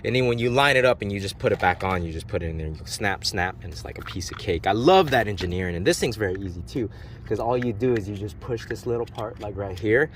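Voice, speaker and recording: A man's voice: fairly low pitch, lively intonation, quick pace, a little hiss or hum. A man casually demonstrating and reviewing remote-control cars, rambling with lots of fillers and making little sound effects. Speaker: RC car reviewer. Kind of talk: casual unboxing demo.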